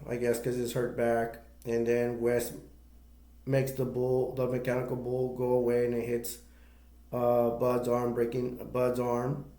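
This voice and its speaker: A man's voice: medium pitch, warm tone. Man rambling through a movie plot, roomy sound. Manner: rambling, with many fillers and restarts. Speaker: movie reviewer. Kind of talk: casual plot retelling.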